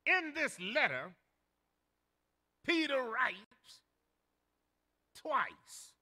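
An older male pastor preaches in a folksy, storytelling way and breaks into shouts for emphasis. His voice sits very high for a man and sounds bright, with a lively, swinging pitch. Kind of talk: sermon.

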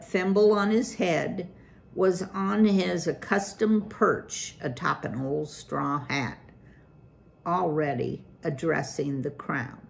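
Slow, gravelly woman reading a story. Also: fairly low pitch. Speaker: storyteller reading a children's book. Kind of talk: read-aloud storytelling.

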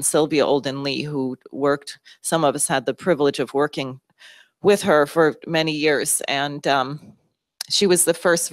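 A woman's voice: low voice, clean studio sound. A woman speaking at a town hall, intense and driven, thinking aloud with frequent restarts. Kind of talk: public talk to an audience.

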